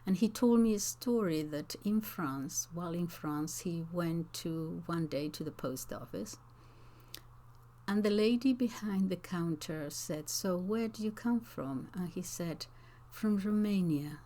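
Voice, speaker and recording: A woman teacher answering viewers' comments in an unscripted talk, slow and thoughtful, with frequent hesitations and restarts. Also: on the low side, mellow. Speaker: language teacher and channel host.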